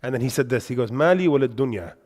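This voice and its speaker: A man giving a religious lesson in a mosque, telling lively anecdotes with quick asides. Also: mid-range voice. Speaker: religious teacher. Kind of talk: storytelling lesson to a congregation. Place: mosque hall. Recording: reverberant mosque hall.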